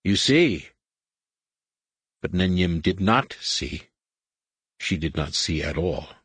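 A man narrating an audiobook in a measured, dramatic storytelling manner. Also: sits low, steady tone, a bit bright, breathy edge, dry recording. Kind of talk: scripted narration.

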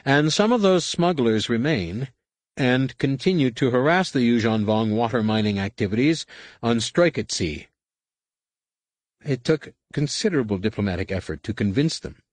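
A man's voice: mid-range voice, lively intonation, moderate pace, darkish tone, no echo, natural voice. A man voicing a scheming male alien politician who speaks in a condescending, clipped and threatening way. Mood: smug, cold.

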